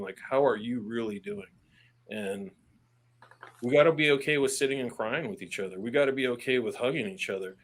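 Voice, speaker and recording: A man who is an army veteran, talking candidly as a podcast guest, plain-spoken and earnest, with casual swearing and halting restarts when he stresses a point. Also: medium pitch. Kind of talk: candid podcast interview conversation.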